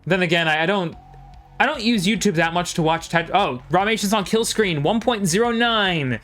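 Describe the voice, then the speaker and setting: Male commentator, slightly high voice, quick play-by-play, faint music behind. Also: lively intonation, fairly bright tone. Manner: quick play-by-play, chatting with viewers between plays. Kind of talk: live game play-by-play commentary.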